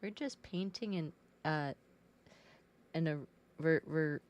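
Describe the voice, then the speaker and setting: A woman with a low voice chats slowly while she paints on a live stream. She greets her viewers and talks to her cat in a relaxed, casual way. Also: lo-fi sound.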